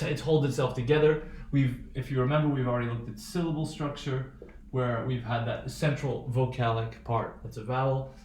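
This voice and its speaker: A man teaching a phonetics lesson on video, often pausing to ask "right?" as he explains. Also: medium pitch, a little mellow. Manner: halting, checks in with "right?". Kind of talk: recorded lecture. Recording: roomy echo.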